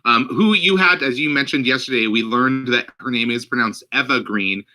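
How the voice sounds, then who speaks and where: A man's voice: mid-range voice, normal speed, bright, forceful tone. A man co-hosting a podcast in casual chat, rambling with frequent fillers and laughs. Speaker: podcast co-host.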